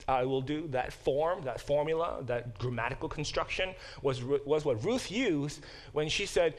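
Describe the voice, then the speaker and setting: With a fairly high voice and a somewhat slow delivery, a man leads a Bible class like a conversation. He's animated, frequently performing quoted speech and starting sentences over.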